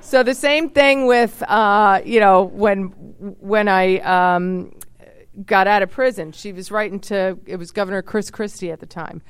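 A woman in her fifties telling personal stories in a chatty, expressive way. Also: mid-range voice, normal speed, smooth. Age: 50s. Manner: chatty, expressive, many fillers and asides. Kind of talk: casual personal storytelling.

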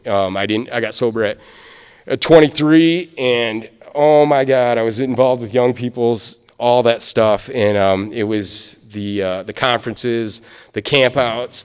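A man's voice: medium pitch, clear, resonant tone. A man from Michigan tells his recovery story at a meeting, rambling with lots of "you know" and "um". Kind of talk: personal testimony storytelling. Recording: echoey hall.

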